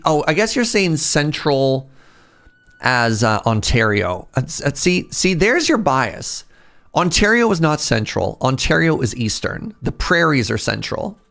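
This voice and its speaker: A man's voice: fairly high pitch, vocal fry, a bit bright. A middle-aged man from British Columbia with a British Columbia Canadian accent, chatting casually and teasing his viewers while he streams a game. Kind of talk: casual live-stream chat.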